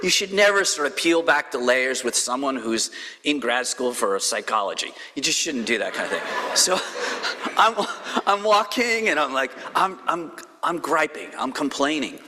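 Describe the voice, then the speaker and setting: A man's voice: mid-range voice, big pitch swings, normal speed, bright, forceful tone, long reverb tail, slight background noise. A male pastor preaching a conversational sermon in a church, telling the story with playful quoted voices. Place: church sanctuary.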